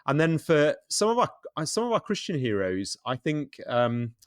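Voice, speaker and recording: A middle-aged British pastor chatting casually on a podcast, halting and self-deprecating, with frequent restarts. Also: male voice, a little high, very animated, no echo, studio quality. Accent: British English. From England.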